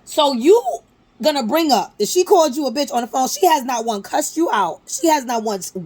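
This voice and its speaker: A woman's voice: sits high, animated, moderate pace, darkish tone. A woman hosting a casual commentary channel, talking back at a clip in a sassy, mocking way.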